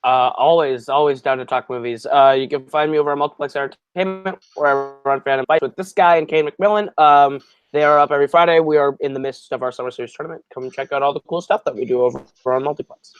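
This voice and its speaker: A man joining as guest on a casual movie review, talking in an easygoing way with drawn-out filler words. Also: on the high side, steady tone, smooth, dry recording, highs cut off.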